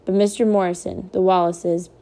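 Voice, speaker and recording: Woman reading as a gentle, worried mother. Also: on the low side, level tone, normal speed, lightly acted. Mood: concerned.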